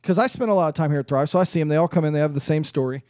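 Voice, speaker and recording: A man's voice: fairly high pitch, racing, a little mellow, no echo. A man who runs a mortgage business, speaking as a guest on a radio talk show in a casual, plainspoken way and laughing easily, on a studio microphone.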